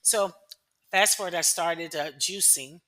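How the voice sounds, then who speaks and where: A woman's voice: lowish voice, measured pace, fairly bright tone. A woman vlogging casually, telling a personal story and acting out her own past thoughts in quotes.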